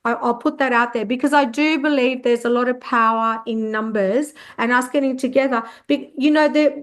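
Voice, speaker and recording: A woman's voice: a little high, steady tone. Effusive woman in her fifties hosting. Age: 50s. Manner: effusive, quick to laugh and affirm. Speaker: podcast host. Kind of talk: interview conversation.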